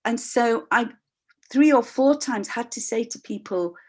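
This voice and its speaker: Older woman, voice practitioner, candid and expressive storyteller on a video call. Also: on the high side, unhurried. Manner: expressive, acts out voices in her stories; candid, reflective, with frequent restarts. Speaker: voice practitioner and workshop leader. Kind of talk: personal storytelling talk.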